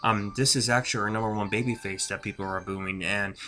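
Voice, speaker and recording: A man voicing a confused first-time wrestling viewer who talks in halting, bewildered bursts. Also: on the low side, fairly even intonation, pushed and bright, voice pushed down.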